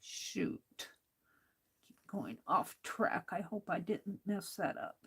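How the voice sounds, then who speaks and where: Slow-talking woman chatting while crafting. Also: fairly low pitch, animated, breathy edge. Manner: slow, chatty, talks to herself while working. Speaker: craft livestream host. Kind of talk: casual crafting livestream talk.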